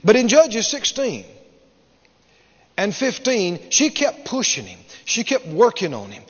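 A man preaching a sermon emphatically, repeating phrases and swinging from loud to hushed. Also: high voice, huge pitch swings, unhurried, slightly rough. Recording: dull sound, long hall reverb.

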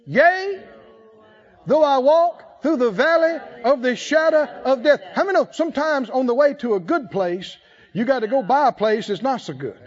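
A man preaching a sermon with emphatic calls for the congregation to answer back. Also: very high voice. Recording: slightly muffled recording.

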